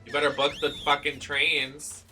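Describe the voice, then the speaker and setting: A man from Boston with a Boston accent, chatting casually while streaming a game, greeting viewers and breaking into loud excited exclamations. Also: fairly high pitch, normal speed, over music.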